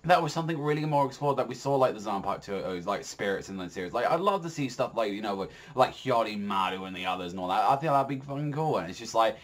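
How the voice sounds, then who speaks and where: A man with a somewhat low voice talks through a manga chapter in a loose, rambling review, leaning on constant fillers and casual swearing. He gets worked up and jumps in pitch when something excites him. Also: quick pace, hardly any pauses.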